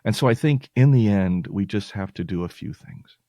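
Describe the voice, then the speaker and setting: A man's voice: on the low side, expressive, normal speed, mellow, no echo, studio quality. A male podcast host talking earnestly and reassuringly to his listeners, at times getting emotional. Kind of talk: heartfelt personal talk to listeners.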